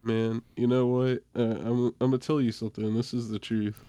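Dark-voiced man telling a story. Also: mid-range voice, normal speed, clean tone, no echo. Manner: animated, self-deprecating, laughs often. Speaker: podcast host. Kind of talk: casual storytelling chat.

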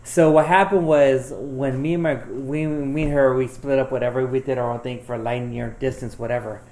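Podcast guest: gravelly-voiced man, casual and profane, rambles through his own story. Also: mid-range voice, fairly even intonation, moderate pace, a little mellow, slight background noise. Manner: rambling, profane, heavy filler words.

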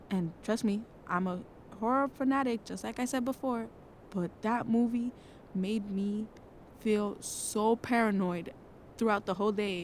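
A teenage girl talks through a film review on her own podcast in a casual, chatty way. She is dramatic and acts playfully spooked, and her voice sits at an ordinary middle pitch. A faint rumble, like a vehicle, hums behind her. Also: measured pace. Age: late teens.

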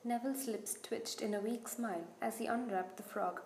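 A woman reading a children's novel aloud as narrator with clear, even storytelling. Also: a little high, normal speed, reverberant, a little hiss or hum, low-quality recording. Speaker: audiobook narrator. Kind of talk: scripted narration.

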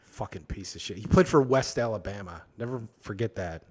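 A man's voice: fairly low pitch, brisk, darkish tone. A young man co-hosting a casual podcast chat, swearing a lot, rambling and laughing as he acts out other people's lines. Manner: profane, rambling, laughs often, acts out quotes. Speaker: podcast co-host.

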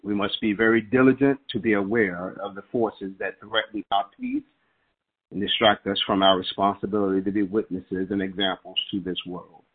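A man's voice: fairly low pitch, fairly even intonation, normal speed, slightly rough. A man leading a prayer call, speaking to the group with an earnest, emphatic preaching cadence as he recites scripture. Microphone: phone call. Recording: tinny phone line.

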